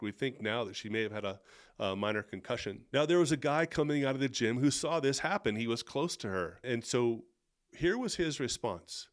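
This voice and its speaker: A middle-aged man hosting a faith-based monologue, earnest and at times heated, with self-deprecating asides. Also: medium pitch. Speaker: podcast host.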